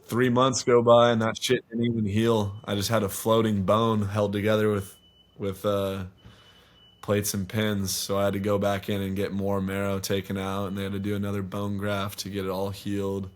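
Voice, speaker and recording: Brief: twenties guy guesting on a studio podcast, low voice, loose profane storytelling. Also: monotone, normal speed. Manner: rambling, swear-heavy storytelling. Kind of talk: casual podcast interview.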